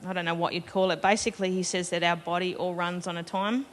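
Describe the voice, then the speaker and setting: A woman's voice: on the low side, flat delivery, fast talker, slight background noise. A woman telling a personal story to a live festival audience, chatty and self-deprecating, laughing between lines. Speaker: festival panel speaker.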